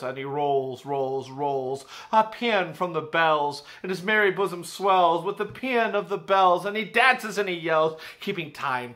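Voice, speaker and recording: A man, a teacher, giving a theatrical poetry reading that swings between hushed and loud passages. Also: fairly high pitch. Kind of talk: dramatic poetry recitation.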